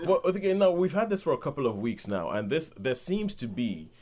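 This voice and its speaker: A man's voice: fairly high pitch, big pitch swings, fairly quick, a little mellow. A man co-hosting a film podcast, chatting casually and wryly. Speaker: podcast co-host.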